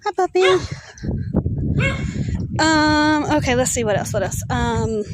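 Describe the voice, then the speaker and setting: A woman in her thirties, a streamer, chatting casually while walking outdoors along a road, rambling and pausing often with fillers as she tries to recall things. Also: on the high side, background noise.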